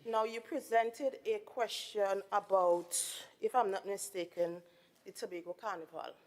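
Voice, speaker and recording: Woman, presiding officer, firm, formal, admonishing, mid-pitched voice, long hall reverb. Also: fairly even intonation, a little slow. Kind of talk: chairing a parliamentary sitting. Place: legislative chamber.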